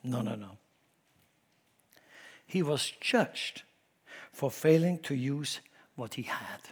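A man preaching a sermon to his congregation, swinging between loud emphatic declarations and low asides, often repeating words and asking the room questions. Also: expressive, slow pace, breathy edge. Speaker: pastor. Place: church.

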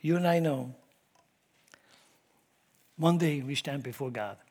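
Guy preaching in church, pretty high voice, goes loud then drops way down, keeps repeating himself and asking the crowd stuff. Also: slow. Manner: swings between loud emphatic declarations and low conversational asides; repeats words for emphasis, asks the congregation questions. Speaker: pastor. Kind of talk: sermon.

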